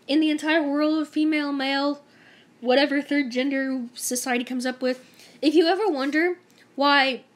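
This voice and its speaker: A young woman with a high-pitched voice tells a story-time vlog to camera. She talks in a chatty, emphatic way and acts out what everyone said. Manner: chatty, emphatic, mimics others in dialogue. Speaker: vlogger.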